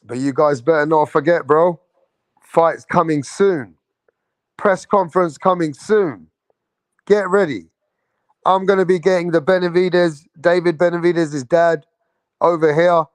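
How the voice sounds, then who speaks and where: A man hosts a boxing show in a loose, slangy livestream chat aimed right at his viewers. His voice sits somewhat high for a man. The sound is dry and close, with no room echo. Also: steady tone, measured pace, long pauses. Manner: slangy, laughing, talks straight to viewers.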